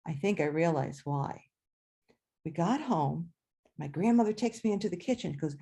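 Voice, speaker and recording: An older retired woman telling a personal story at a storytelling event, lively and acting out sounds and dialogue. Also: on the low side, moderate pace. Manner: lively, voices the squawks and dialogue. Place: storytelling event over video call.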